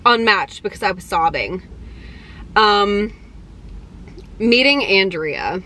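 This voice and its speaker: A young woman vlogger telling excited personal stories in a casual, chatty way, full of fillers. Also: medium pitch, very slow. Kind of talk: casual storytelling to camera.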